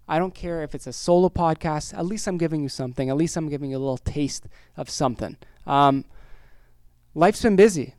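Male podcast host from Canada, voice hoarse from overuse, fairly high, energetic jokey rambler in a dry close setting. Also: brisk, no room sound. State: voice worn out and hoarse. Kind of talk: casual solo podcast monologue.

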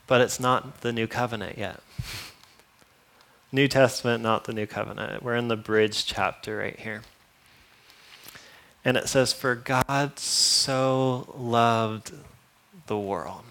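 A man preaching a sermon, earnest and teasing with sarcastic asides and chuckles, swinging from loud emphasis to hushed lines. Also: medium pitch, a little slow, creaky, pauses often.

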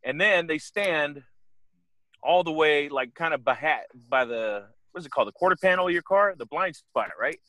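A young man tells a story on a podcast with lively, wide-ranging pitch that sits above the usual for a man. He swears freely and acts out everyone's lines himself. The recording is close and dry. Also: moderate pace, dry recording.

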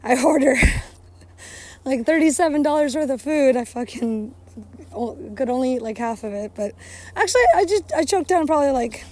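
High-voiced woman ranting with heavy swearing. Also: expressive, normal speed, darkish tone. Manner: profane, bitter venting, talks to herself and the listeners; breaks off to call and scold her dog. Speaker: podcast host. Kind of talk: casual podcast rant. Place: outdoors near a cow pasture, walking a dog.

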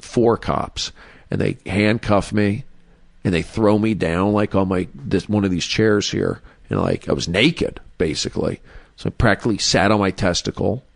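A man's voice: sits low, creaky, dry recording, studio quality. A man, a comedian guest, telling a personal story in a casual, rambling way with many fillers and restarts. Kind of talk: casual storytelling in a podcast interview.

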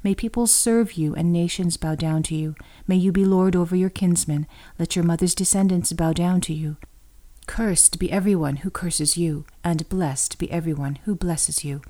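Woman reader doing an old blind father, solemn and measured, low warm voice. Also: natural voice.

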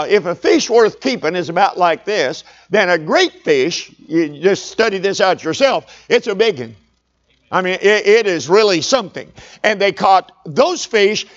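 A man's voice: high-pitched, lo-fi sound. A man preaching a sermon, telling a story conversationally and calling for amens.

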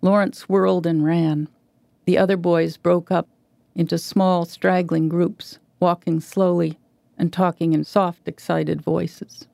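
Gravelly woman reading a story. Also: lowish voice, little pitch movement, slow pace, dark tone, dry recording. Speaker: guest reader. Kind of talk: literary reading.

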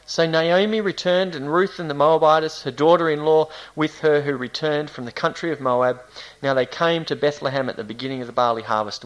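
A man preaching a sermon in a church, reading scripture aloud and swinging between loud emphatic lines and quiet, intimate phrases. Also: mid-range voice, poor audio. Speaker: pastor.

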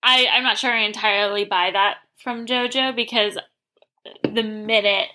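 A woman's voice: steady tone, normal speed, bright, forceful tone. A woman co-hosting a podcast, giggling and acting out quotes as she recaps a show. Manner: giggly, acts out quotes in a higher voice. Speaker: podcast co-host. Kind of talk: casual recap chat.

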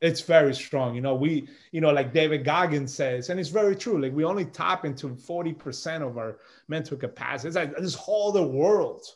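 A middle-aged man, a podcast guest and chef, telling a story in a loose, animated way and peppering his talk with "bro" and "man". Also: a little high, a little fast, few pauses. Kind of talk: casual storytelling chat.

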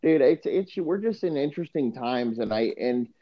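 Expressive and at a normal speed, a young man's medium-pitched voice carries his casual podcast co-hosting, which is rambling, profane, and full of "dude." The sound quality is dull and lo-fi.

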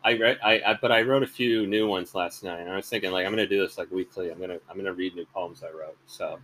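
A man's voice: sits low, fairly even intonation, fast talker, fairly bright tone, a little hiss or hum, low-quality recording. A man hosting a podcast, talking in a rambling, hesitant casual monologue. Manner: rambling, hesitant, many fillers and restarts. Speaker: podcast host.

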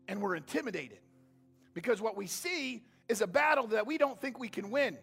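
A man preaching a sermon in a conversational way, acting out characters from the story and building to loud, intense passages. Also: sits high, brisk, vocal fry, husky, faint music behind. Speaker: pastor.

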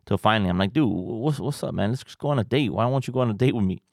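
A man with a low, gravelly voice tells a personal story in a loose, rambling way. He swears often and ends his points with quick questions. His voice sits close and dry, with no room around it. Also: lively intonation, darkish tone, dry recording. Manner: profane, rambling, tag questions. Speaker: podcast host. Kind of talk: casual storytelling.

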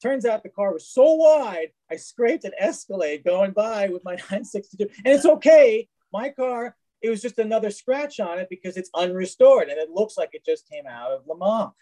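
A man's voice: sits high, animated, normal speed, hardly any pauses, warm tone, poor audio. Man telling rambling car stories. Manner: rambling anecdotes with frequent restarts and acted-out quotes. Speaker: guest, race car collector. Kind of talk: casual storytelling.

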